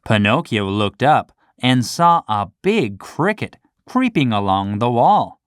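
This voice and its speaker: A woman narrates a classic children's tale in slow, clear, scripted storytelling. Her voice sits low but moves a lot in pitch, giving an animated read. It is recorded close and dry. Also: dry recording.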